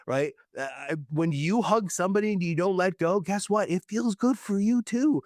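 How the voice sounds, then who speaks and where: A man's voice: high voice, moderate pace, hardly any pauses, a little mellow, no room sound. Earnest emphatic man, dry close sound. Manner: earnest, emphatic, repeats for stress. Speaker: guest speaker. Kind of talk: conversational podcast talk.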